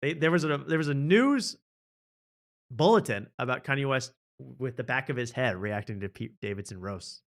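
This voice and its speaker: A man's voice: medium pitch, animated, normal speed. Male comedy host, loose and sarcastic, mid-range voice, streaming from a home studio. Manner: rambling, sarcastic, laughs often. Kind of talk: casual comedy chat, live stream.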